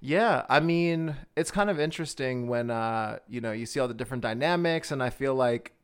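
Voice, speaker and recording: A man with an ordinary mid-range voice hosts a relaxed interview chat. He coaches improv, sounds easygoing and encouraging, and laughs easily. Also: medium pitch, normal speed, clear, resonant tone. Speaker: podcast host and improv teacher.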